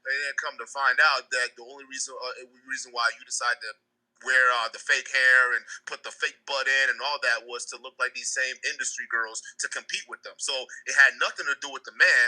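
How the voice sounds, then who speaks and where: Young nigerian guy on a podcast, talks fast, kinda high bright voice, lots of restarts and uh's. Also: rough recording. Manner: animated storytelling with many restarts and fillers. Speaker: podcast co-host. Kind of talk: casual chat.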